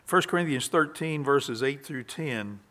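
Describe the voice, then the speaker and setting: A man preaching a sermon, reading scripture quietly and then building to loud, emphatic passages. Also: medium pitch, unhurried.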